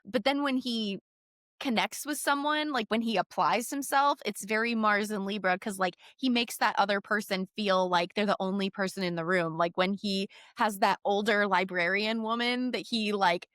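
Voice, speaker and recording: A woman's voice: mid-range voice, normal speed, fairly bright tone, no room sound, studio quality. A woman co-hosting a podcast in casual chat, talking in an enthusiastic way with lots of fillers. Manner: chatty, filler-heavy, enthusiastic. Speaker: podcast co-host.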